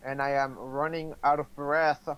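Male streamer host, slow hesitant casual chat, slightly muffled recording. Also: a little high, little pitch movement, clear, resonant tone. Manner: hesitant, with fillers and laughs. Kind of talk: casual gaming chat on a livestream.

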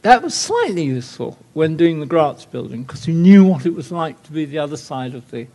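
Older English guest lecturer, dry wit, digressive anecdotes, slightly high pitch. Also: male voice, very animated, fairly quick, warm tone. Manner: wry, anecdotal, rambling asides. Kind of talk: lecture with slides.

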